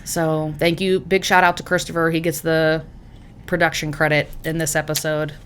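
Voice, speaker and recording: A woman co-hosting a podcast in casual chat, loud and profane, telling stories animatedly. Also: sits low, little pitch movement, moderate pace, slight background noise. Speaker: podcast co-host.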